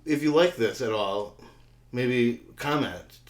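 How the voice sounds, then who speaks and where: A man's voice: medium pitch, slow. A man hosting a storytelling show over a video call, joking and loose. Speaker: host. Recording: echoey room.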